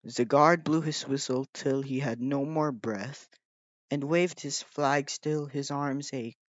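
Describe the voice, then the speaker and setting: A man reading a children's storybook aloud, slow and measured. His voice sits at a middling pitch and keeps an even, gentle delivery. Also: no room sound, dull audio. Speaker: audiobook reader. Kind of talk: storybook narration.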